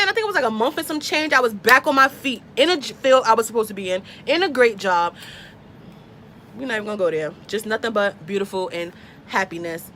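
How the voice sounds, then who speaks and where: A young woman in her twenties telling a casual storytime vlog, animated and acting out what people said with big swings in her voice. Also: a little hiss or hum. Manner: animated, acts out quotes with big pitch jumps. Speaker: vlogger.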